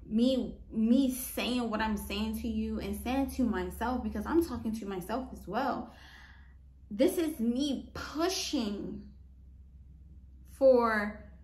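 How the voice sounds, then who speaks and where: A woman's voice: on the high side, a little mellow, roomy sound, poor audio. An adult woman hosting a podcast, talking earnestly about forgiveness and faith with a repetitive, preacherly cadence. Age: adult, past high school. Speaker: podcast host. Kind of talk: personal faith talk on forgiveness.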